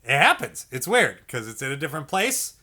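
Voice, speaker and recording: Bright-voiced encouraging male music teacher. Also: a little high, big pitch swings, a little fast. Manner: patient, encouraging, repeats checks like okay and all right; sings syllables to demonstrate notes. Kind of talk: instructional video lesson.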